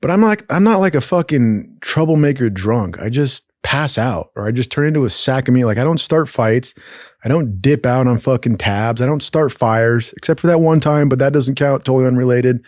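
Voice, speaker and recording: Dude telling a wild story, swears constantly, laughs a lot, dry close sound. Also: male voice, medium pitch, lively intonation, normal speed, a little mellow, no echo. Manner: profane, rambling, laughing often. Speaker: storyteller host. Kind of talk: casual storytelling.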